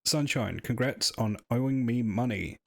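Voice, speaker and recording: A man's voice: mid-range voice, normal speed, vocal fry. A man voicing a pushy male loan-shark landlord, brash and cocky.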